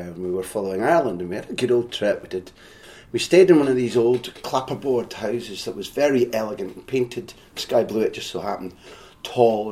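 A man's voice: on the low side, dark tone. A man hosting a podcast who asks playful, teasing questions in a casual interview chat. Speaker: podcast host.

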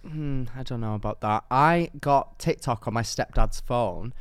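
A young man from England co-hosting a podcast, telling stories in a casual, animated way and mimicking the people in them. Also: mid-range voice, a little slow, smooth, no room sound. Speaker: podcast co-host. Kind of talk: casual chat.

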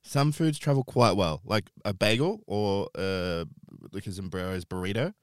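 A man's voice: lowish voice, moderate pace, smooth, no room sound, studio quality. A man co-hosting a podcast, chatting casually and putting in wry, teasing remarks. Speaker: podcast co-host. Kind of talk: casual chat.

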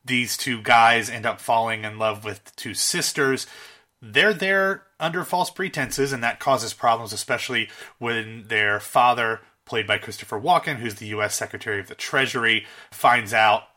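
Man, casual co-host, enthusiastic, very bright tone. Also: medium pitch, animated, normal speed. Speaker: podcast co-host. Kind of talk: casual chat about comedy films.

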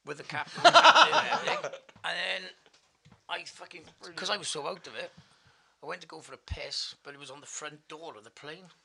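A man's voice: a little high, a little fast, creaky, crowd noise. A Welsh man telling a wild story in a casual, sweary way, laughing as he goes. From Wales. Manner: sweary, animated, laughs through his story. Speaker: guest.

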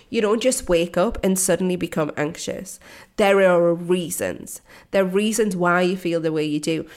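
A woman's voice: lowish voice, creaky. A woman podcast host and coach, speaking in an earnest, encouraging way straight to the listener. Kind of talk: motivational podcast talk.

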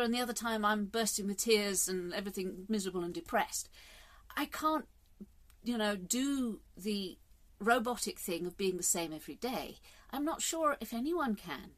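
A woman's voice: mid-range voice, a bit bright. Woman, fifties, casual vlog, rambling, candid, reflective. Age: 50s. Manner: rambling, candid, swears for emphasis. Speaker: vlogger.

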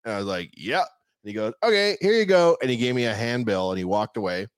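A man's voice: fairly low pitch, quick pace, clear, resonant tone, no room sound. A man hosting a podcast, telling stories in a casual chat with dry jokes. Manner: animated storyteller, dry jokes. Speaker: podcast host.

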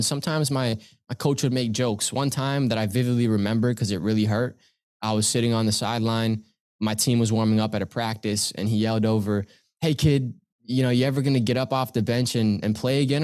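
A young man from Canada, a guest speaker, recounting personal experiences in an earnest, measured way. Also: fairly low pitch, darkish tone, no echo, clean studio sound. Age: young adult. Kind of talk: reflective storytelling in conversation.

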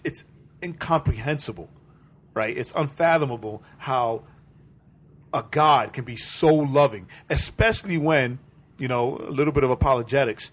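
A man co-hosting a faith podcast, explaining his beliefs in an earnest, preachy way and often asking "right?". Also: mid-range voice. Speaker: podcast co-host. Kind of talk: casual faith podcast chat.

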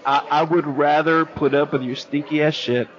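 A man's voice: on the high side, fairly even intonation, normal speed, fairly bright tone, some chatter behind. A man co-hosting a podcast, earnestly making his point in casual chat. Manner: earnest, explains a point with restarts. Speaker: podcast co-host. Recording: dull lo-fi audio.

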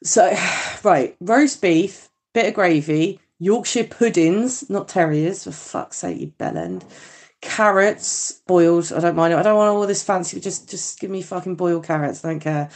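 A woman's voice: lowish voice, moderate pace, darkish tone. A British woman leaving a chatty voice message, rambling and swearing and laughing at her own slips. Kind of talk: casual voice note.

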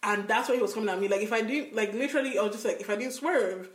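A young woman races through animated stories as a podcast co-host, her mid-range voice bouncing in an echoey room. The chat is casual and full of frequent laughter.

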